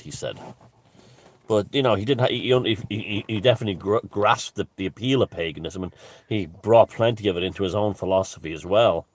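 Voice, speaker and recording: An Irish man talking in a rambling, digressive casual monologue, halting with frequent restarts and asides. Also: low voice. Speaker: vlogger.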